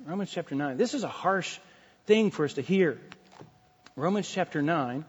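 A man's voice: fairly high pitch, lively intonation, normal speed, breathy edge. A man preaching an expository sermon as pastor, with emphatic rises and many restarts. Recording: dull lo-fi recording in a reverberant hall.

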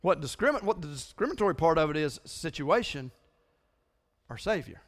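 A middle-aged man preaching a sermon to his congregation as their pastor, earnest and confessional, urging a quiet crowd to wake up. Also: fairly high pitch, very animated, fairly quick. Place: church sanctuary.

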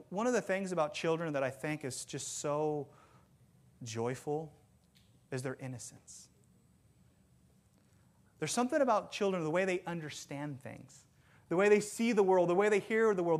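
A man delivers a sermon in a church, his slightly high voice rising and falling with animated energy. He moves between scripture and light storytelling, dropping self-deprecating asides to the congregation. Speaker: pastor. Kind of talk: sermon with jokes.

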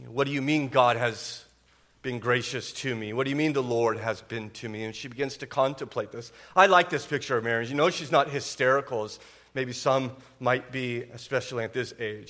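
A man's voice: mid-range voice, a bit bright. A man preaching a sermon in a conversational way, often asking the congregation rhetorical questions and restarting his phrases. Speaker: pastor.

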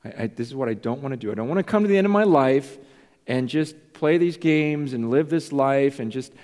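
A man's voice: mid-range voice, animated, fairly quick, a little mellow. A man preaching a sermon as pastor, earnest and confessional, questioning himself aloud. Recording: long reverb in a large hall.

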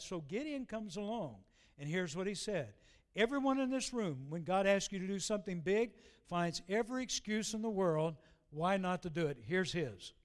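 High-voiced preacher, folksy sermon. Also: male voice, animated. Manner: folksy storytelling, slows to read scripture aloud.

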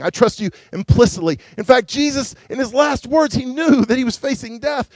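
A man preaching a sermon, earnest and preacherly, dropping to a hushed voice when quoting scripture. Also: very high-pitched, normal speed, few pauses, no room sound. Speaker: pastor.

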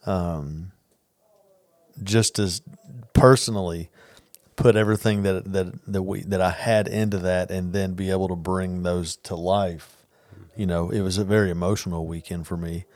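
A man co-hosting a casual podcast chat, telling stories in an earnest, animated way. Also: deep voice, moderate pace, no echo. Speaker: podcast co-host.

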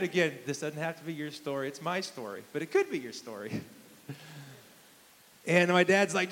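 A man's voice: fairly high pitch, normal speed, a bit bright, rough recording. A man in his thirties, a pastor preaching a sermon in a conversational, emphatic way, often asking the congregation questions. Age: 30s. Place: church hall with a live congregation.

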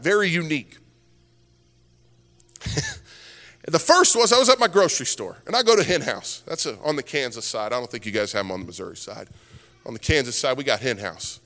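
High-voiced pastor preaching in a hall. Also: male voice, a bit bright. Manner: storytelling, builds to impassioned preaching. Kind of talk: sermon. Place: church sanctuary with worship music. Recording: reverberant hall with music behind.

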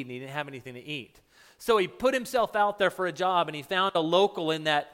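High-voiced man preaching in a reverberant hall. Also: fairly bright tone. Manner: casual retelling with frequent restarts. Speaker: pastor leading a Bible study. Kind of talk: conversational sermon with audience questions.

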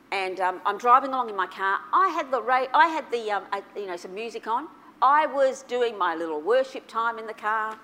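A woman preaching a sermon to her church, telling a personal story with big swings between soft, quiet passages and loud, excited ones. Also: mid-range voice, slight background noise. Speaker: pastor.

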